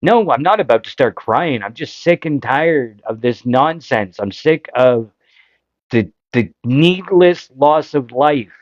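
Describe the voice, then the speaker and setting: A Canadian man hosts a casual political talk show, frustrated and impassioned, firing off rhetorical questions. He speaks slowly at a medium pitch. The recording is dry and a little dull. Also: animated, no echo. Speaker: podcast host.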